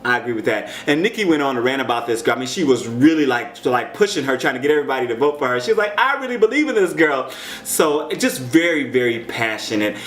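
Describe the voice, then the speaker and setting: An American man giving casual commentary on a show, chatty and animated, jumping up in pitch when he quotes people. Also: quick pace, few pauses, reverberant.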